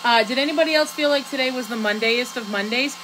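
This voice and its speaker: A woman's voice: a little high, fast talker, fairly bright tone, slight background noise. A young woman hosting a casual painting tutorial, chatting and thinking aloud as she works, often poking fun at her own mistakes. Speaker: craft instructor.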